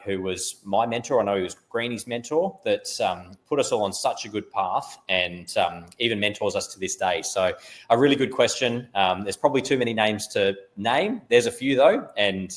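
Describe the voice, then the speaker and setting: A man's voice: lowish voice, lively intonation, normal speed. A man from Queensland hosting a casual referee Q&A over a video call, with many fillers. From Queensland, Australia. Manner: friendly, filler-heavy wrap-up. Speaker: host of a referee coaching session.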